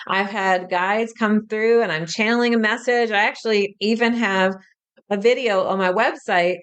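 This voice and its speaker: A woman hosting a spiritual podcast speaks in an easygoing teaching style. Her voice is smooth and resonant. She is chatty and candid, dropping the odd swear word. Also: medium pitch, moderate pace. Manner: chatty and frank, drops casual swearing. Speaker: spiritual medium and podcast host.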